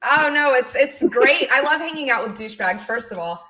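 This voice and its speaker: An upbeat American woman joins a sports chat as a guest. Her voice is bright and a little high, and she laughs easily as she talks. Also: expressive, fairly quick, low-quality recording. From United States. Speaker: guest, podcast co-host. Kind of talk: casual chat.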